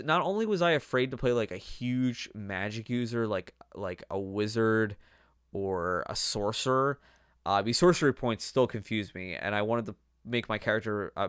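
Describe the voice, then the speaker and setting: A man's voice: fairly low pitch, a bit bright, clear, resonant tone, no echo, clean studio sound. A young man hosting a podcast, chatting casually in a rambling way with lots of fillers. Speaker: podcast host. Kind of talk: casual chat.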